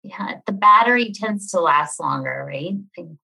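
A woman hosts a casual interview podcast, bright and forward in tone. She asks quick, playful questions and slips into joking asides. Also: fairly low pitch, expressive, gravelly, poor audio. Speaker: podcast host.

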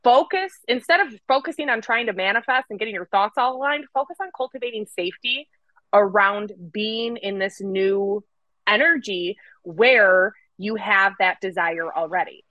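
A woman co-hosting a podcast, talking casually with an energetic, playful and profane manner. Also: medium pitch, moderate pace, dry recording, muffled recording. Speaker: podcast co-host.

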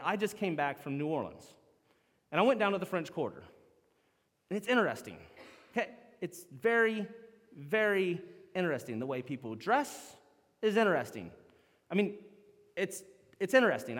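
A man preaching a sermon as pastor, animated, acting out the lines he quotes. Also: high-pitched, moderate pace, pauses often. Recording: long hall reverb.

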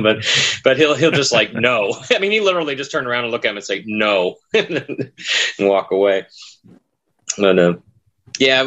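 A man's voice: mid-range voice, fairly bright tone. A man who works as a haunted attraction actor, telling stories in casual chat and acting out what people said. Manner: rambling storyteller, acts out quoted lines.

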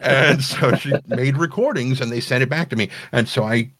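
A man's voice: mid-range voice, moderate pace. A man who narrates audiobooks, talking animatedly as a guest in a casual podcast interview. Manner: animated, chatty, self-correcting restarts.

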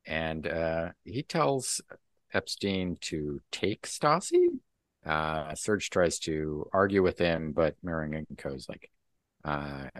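Man, deep voice, unhurried, casual comic podcast chat, dry recording. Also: no echo. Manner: relaxed, rambling, full of ums and laughs. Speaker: podcast co-host.

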